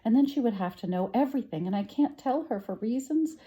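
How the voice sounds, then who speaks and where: An earnest, old-fashioned young boy from a storybook, coaxing and a little anxious, as a woman reading aloud puts him on. His voice sits higher than the reader's own, with a warm softness. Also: animated, fairly quick, muffled recording, close to an everyday voice.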